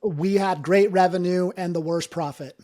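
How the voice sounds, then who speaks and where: A man's voice: sits high, fairly even intonation, moderate pace, warm tone. A man in his thirties telling his own life story in an interview, earnest and emotional, with many fillers. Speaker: interview guest, business owner. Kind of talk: candid personal storytelling.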